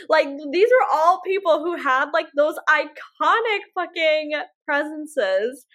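Chatty young-sounding woman, slangy and quick. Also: high voice. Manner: animated, swearing, fast bursts of slang. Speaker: podcast co-host. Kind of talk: casual chat.

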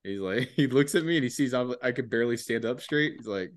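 A man's voice: medium pitch, fast, few pauses. A young man, a former soldier, telling a casual profane story on a podcast with frequent laughs and swearing. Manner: laid-back, laughing often, heavy swearing.

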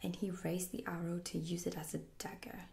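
A woman whispering a fairy tale aloud as a soft-spoken ASMR storyteller. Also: fairly low pitch, flat delivery, fairly quick, vocal fry. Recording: roomy echo.

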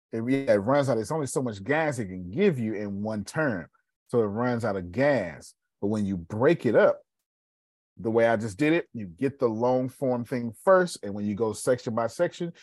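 A man's voice: on the low side, darkish tone, husky, no room sound, clean studio sound. A man leading an online group class as instructor, talking colloquially and repeating phrases for emphasis over a video call.

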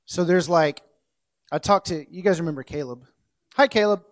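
A man with a fairly high voice preaches in a relaxed, conversational way. He jokes about his own mistakes and stops to correct himself, like he is talking to friends rather than a crowd. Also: moderate pace. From central United States. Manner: jokey, self-correcting, loosely conversational. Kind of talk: casual sermon.

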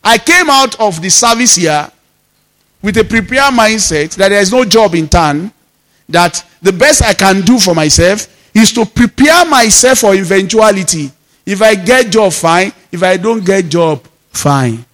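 A man's voice: high voice, expressive, measured pace, fairly bright tone. A man with a Nigerian accent, a pastor preaching an emphatic sermon told through personal stories and proverbs. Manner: emphatic storytelling, mixes in Yoruba proverbs.

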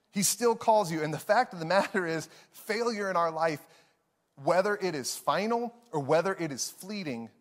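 A man preaching a sermon as a pastor, animated and emphatic, often repeating key phrases. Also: fairly high pitch, in a large hall.

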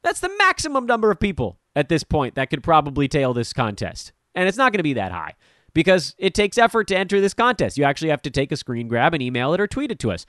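A male podcast host with a slightly high voice that swings up and down a lot. He rambles in a blunt, joking way, and the sound is dry, with no room behind it. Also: fast, no room sound. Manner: animated, rambling, jokey and blunt. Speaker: fantasy basketball podcast host. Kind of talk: casual podcast talk with sponsor promo.

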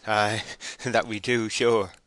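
A man's voice: fairly low pitch, flat delivery, drawn-out words, bright, forceful tone, dry recording, voice pushed up, heavily acted. A man voicing a nervous, people-pleasing farmhand who talks uneasily and placatingly. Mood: uneasy.

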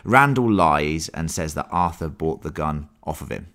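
A man hosting a casual film discussion podcast, animated and swearing freely as he recaps the plot. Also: very deep voice, normal speed. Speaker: podcast host.

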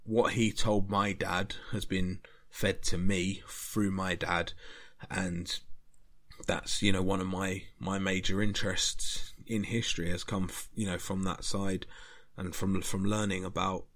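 A man hosting a history podcast, talking in an earnest, rambling way that grows more animated. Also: low-pitched, measured pace. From Britain. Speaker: podcast host.

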